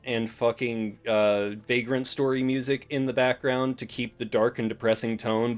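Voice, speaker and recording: A man streaming a reaction, swearing and swinging from loud outbursts to low mutters. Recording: faint background music.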